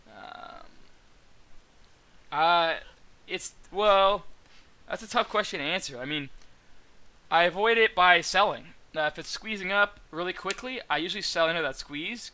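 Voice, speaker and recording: Bright-voiced young man recapping trades. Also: high voice, normal speed. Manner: rambling, many fillers and restarts. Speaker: stock trading mentor. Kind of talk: casual trade recap to viewers.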